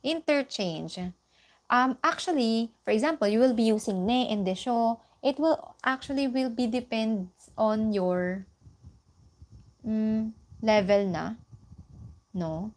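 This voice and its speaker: A woman with a Filipino accent teaching a live online Japanese lesson. She explains slowly and repeats the example phrases, now and then slipping into Tagalog. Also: fairly high pitch, a little mellow.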